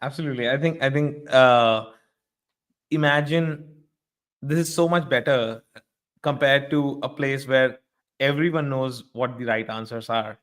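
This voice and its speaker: A male host talks through his points in a casual way. He repeats words as he finds his phrasing and keeps checking in with the listener. His voice has an ordinary middle pitch. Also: a little slow, a bit bright. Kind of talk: casual webinar interview.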